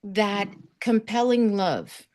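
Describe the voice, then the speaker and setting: A woman speaks slowly in a mid-range voice with a darkish tone. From South Florida and serving as a summit panelist, she shares earnest, faith-filled stories in casual conversation, acting out voices she quotes.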